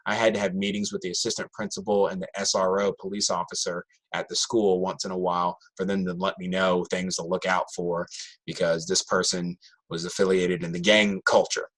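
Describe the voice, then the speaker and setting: Storytelling man with a lowish voice. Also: a little fast. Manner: animated, acts out students' voices in quotes. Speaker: high school math teacher. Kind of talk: storytelling talk to an audience.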